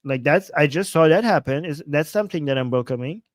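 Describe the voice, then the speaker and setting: A man's voice: fairly high pitch, lively intonation, fairly quick, no room sound. Man with non-native English, hosting livestream. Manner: earnest, self-restarting, non-native English phrasing. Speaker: livestream host. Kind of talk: casual livestream chat, reading viewer comments.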